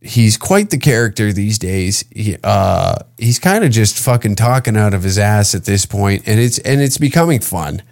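A man's voice: on the low side, lively intonation, moderate pace, gravelly, few pauses, a little mellow. A man from Canada hosting a podcast, riffing in a crude, rambling comedic monologue and putting on voices for the people he quotes. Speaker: podcast host.

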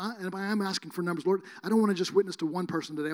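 A man's voice: high-pitched, very fast, few pauses. A middle-aged man preaching a sermon, telling a story and acting out both sides of the conversation. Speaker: pastor. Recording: long reverb of a large hall.

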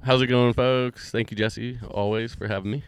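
A man's voice: medium pitch, steady tone, moderate pace, clear, resonant tone. A man joining a podcast chat as a guest, easygoing and joking about himself. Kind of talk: casual chat.

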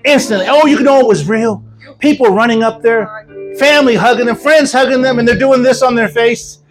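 A man preaching at a church healing service, telling a story in a lively way, laughing often and now and then shouting. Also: very high-pitched, a little fast, faint music behind, rough recording. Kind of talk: sermon told as a lively story. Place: church service before a congregation.

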